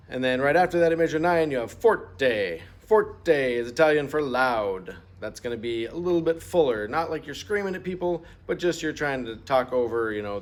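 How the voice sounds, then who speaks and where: A middle-aged man teaching a music lesson, patient and explaining step by step, asking students to repeat terms aloud. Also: medium pitch. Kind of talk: instrument lesson walkthrough.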